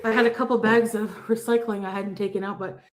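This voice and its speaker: A woman's voice: mid-range voice, flat delivery, fast, roomy sound. A woman talking casually on a live stream, rambling and hesitant, greeting viewers by name. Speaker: vlogger being watched.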